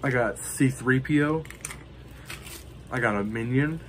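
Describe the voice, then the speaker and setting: A man chatting casually to the camera in a show-and-tell vlog. He rambles along, filling his pauses with ums and you-knows. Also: mid-range voice, noisy background. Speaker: vlogger showing his collection.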